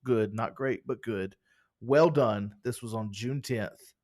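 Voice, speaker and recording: Male podcast co-host, joking, upbeat, mid-pitched, reads listener reviews. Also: slow pace, darkish tone. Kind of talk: casual chat, reading reviews aloud.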